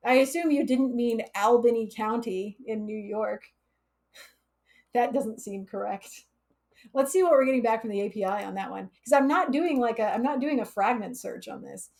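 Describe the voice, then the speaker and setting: Woman streaming code, kinda high voice, chatty, laughs a lot, keyboard typing behind. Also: moderate pace, creaky, darkish tone. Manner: chatty, laughs often, reads chat aloud. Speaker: livestream coding instructor. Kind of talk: casual live coding chat.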